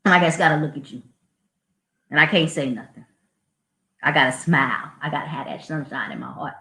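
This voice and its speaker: A woman's voice: low voice, a little fast, creaky. Snarky woman telling classroom stories. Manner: snarky, animated storyteller. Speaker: podcast host, school administrator. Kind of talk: casual storytelling. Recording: roomy echo.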